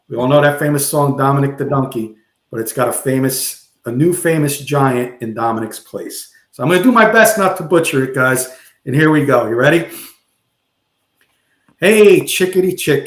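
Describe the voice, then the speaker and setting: A man's voice: fairly high pitch, echoey room. A man co-hosting a sports talk show, chatting casually and nervously, stumbling and apologizing as he goes. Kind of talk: casual chat, off-key singing of a song parody.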